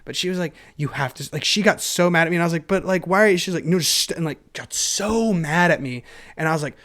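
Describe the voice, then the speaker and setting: Rambling, energetic young man. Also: on the high side, quick pace. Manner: energetic, self-deprecating, laughs often. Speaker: solo podcast host. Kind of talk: rambling casual monologue.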